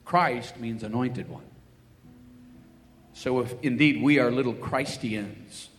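A man preaches slowly in a mid-range voice, telling Bible stories and acting out the voices of the people in quotes. Faint music plays behind him. A long hall reverb and faint ambient noise fill the recording.

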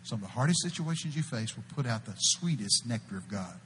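A man preaching a sermon, telling folksy stories and breaking out to shout quoted prophecies before dropping to a hush. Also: medium pitch, brisk, long reverb tail, a little hiss or hum. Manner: animated, folksy, shouts out quoted prophecies, swings between loud and hushed. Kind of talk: sermon with storytelling. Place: church.

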